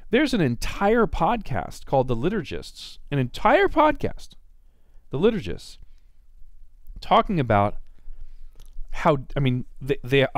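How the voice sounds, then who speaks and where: A man's voice: lowish voice, darkish tone, no room sound, studio quality. A man hosting a solo podcast, giving blunt, emphatic, opinionated commentary. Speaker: podcast host.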